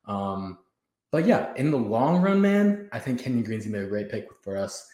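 A man's voice: medium pitch, sing-song, normal speed, warm tone. A young man in his twenties hosting a casual livestream at home, hyped and slangy, laughing often as he chats. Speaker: host of a fan livestream. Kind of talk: casual live chat. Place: room at home. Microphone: camera set on the floor. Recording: roomy echo.

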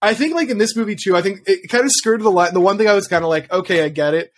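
Podcast co-host, male, chatty and upbeat, somewhat high-pitched. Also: very fast. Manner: chatty, laughs often. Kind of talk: casual chat.

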